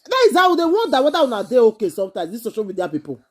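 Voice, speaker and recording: A woman with a Nigerian accent, hosting an excited monologue to camera in an emphatic, repetitive, exclaiming way. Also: a little high, racing. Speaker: vlogger host.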